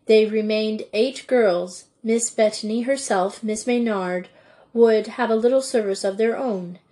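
A woman reading a children's storybook aloud in a measured, deliberate way. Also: mid-range voice, mellow. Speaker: audiobook reader. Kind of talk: storybook narration.

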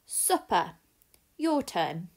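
Woman teacher, phonics lesson, clear and encouraging, slow and very lively pitch. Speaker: primary school teacher. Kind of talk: phonics lesson and reading a story aloud.

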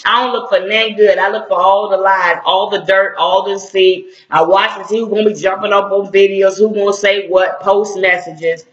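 A woman's voice: mid-range voice, fairly even intonation, moderate pace, few pauses. A middle-aged woman, a civil rights activist, giving blunt, confrontational commentary in slangy street talk. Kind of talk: impassioned video commentary. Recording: echoey room, dull lo-fi sound.

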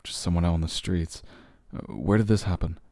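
A man in a whispered role-play as a comforting boyfriend, speaking softly and gently, with hesitant fillers, quiet sighs and slow, soothing phrasing. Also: sits low, steady tone, creaky, dry recording, clean studio sound. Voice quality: soft, gentle and reassuring, with sighs and quiet laughs.

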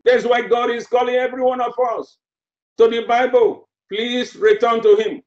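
A man's voice: very high-pitched, steady tone, normal speed. A male preacher delivering a sermon, emphatic and repeating phrases for effect. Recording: roomy, dull lo-fi sermon recording.

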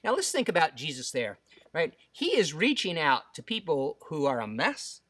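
A man preaching a sermon as pastor, acting out quotes with lively emphasis and dropping to soft, quiet stresses. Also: on the high side, moderate pace, slightly rough, no echo, far from the mic.

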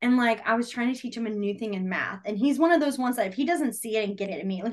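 A young woman teaching a beginners' sign language class, chatty and full of fillers, telling lively classroom stories. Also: fairly high pitch, racing, hardly any pauses. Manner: chatty, filler-heavy, animated storytelling. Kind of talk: casual teaching with anecdotes.

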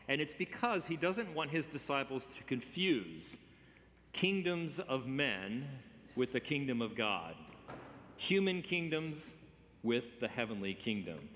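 A man's voice: mid-range voice, a little hiss or hum. Man preaching in a reverberant church. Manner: conversational preaching with gentle humor and emphatic stresses. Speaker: pastor. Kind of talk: sermon. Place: church sanctuary.

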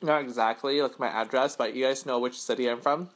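A man's voice: medium pitch, fairly even intonation, a little fast. A man from Western Canada, hosting a casual mukbang eating show from a hotel room and rambling, correcting himself and laughing between bites. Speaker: mukbang host. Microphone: camera mic.

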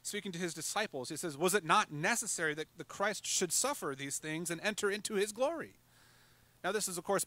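A male pastor preaching a sermon in a conversational way, with fillers and quick asides. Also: sits high, pushed and bright, no echo.

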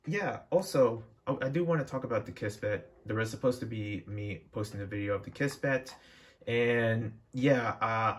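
A young man chatting casually to his viewers as a vlogger, rambling with frequent restarts and fillers. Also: medium pitch. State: dry throat, out of breath. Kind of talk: casual chat to camera.

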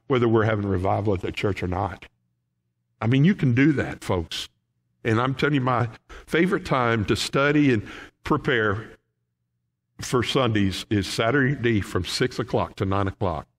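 A middle-aged man, a pastor giving a Bible study sermon in a chatty way, laughing often and checking in with his listeners. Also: mid-range voice. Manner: chatty, laughs often, keeps asking "okay?".

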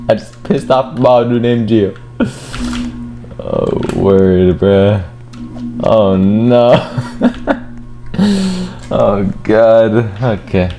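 A young man giving gameplay commentary, swearing and shouting in frustrated outbursts, with game music and keyboard typing behind him. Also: on the low side, animated, very slow, long pauses. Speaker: gaming streamer.

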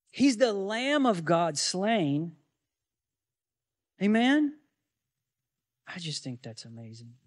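Man, pastor, high-pitched, preaching, asks rhetorical questions, dry recording. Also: dry recording. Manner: animated Bible teaching with rhetorical questions. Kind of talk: sermon.

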